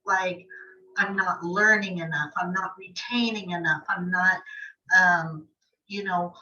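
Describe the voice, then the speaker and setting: A woman's voice: mid-range voice, unhurried, pushed and bright, slight background noise. A woman in a class discussion, sharing hesitantly with many fillers and self-deprecating asides. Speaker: class participant. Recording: distant, muffled call-in audio.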